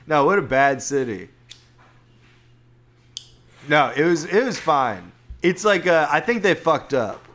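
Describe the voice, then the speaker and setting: A man's voice: on the high side, very animated, slow, long pauses, fairly bright tone. A young man co-hosting a casual podcast chat, joking, swearing and laughing often as he riffs on silly bits. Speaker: podcast co-host.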